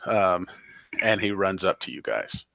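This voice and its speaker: Male game master, low voice, dry recording, rambling casual narration. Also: big pitch swings, unhurried, gravelly, bright, forceful tone, dry recording. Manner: rambling, run-on narration with many fillers.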